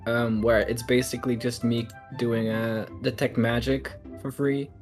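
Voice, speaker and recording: A man's voice: medium pitch, little pitch movement, measured pace, a little mellow, soft background music. Laid-back male tabletop player. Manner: laid-back, brief answers. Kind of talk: casual game chat.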